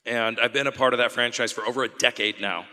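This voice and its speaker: A chatty man talks easily with his audience on a convention panel, laughing often and circling back mid-sentence. His voice is bright and forward. A long hall reverb hangs behind him. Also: mid-range voice, fairly even intonation, fast. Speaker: voice actor panel guest.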